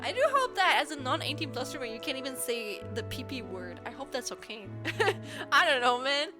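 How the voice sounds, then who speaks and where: A woman's voice: sits high, sing-song, a little fast, music in the background. A young woman from Germany, chatting casually with viewers on a live stream, giggling often and rambling playfully.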